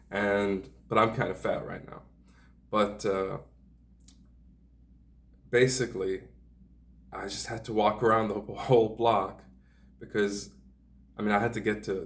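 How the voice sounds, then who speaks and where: A man with a somewhat low voice tells a rambling personal story, drifting into sardonic, hedging asides. He sounds a little distant from the microphone. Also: flat delivery, a little slow, long pauses. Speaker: vlogger.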